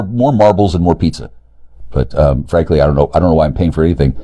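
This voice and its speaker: A man in a rambling, profane monologue, agitated and jumping between loud outbursts and low mutters. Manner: profane, agitated, rapid loud and quiet swings. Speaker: streamer talking to camera.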